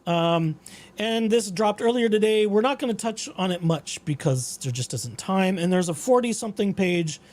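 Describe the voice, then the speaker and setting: A man's voice: high voice, normal speed. A man hosting a casual talk show, rambling about his dreams and reading out legal updates. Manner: rambling, animated quoting of dreams. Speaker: podcast host.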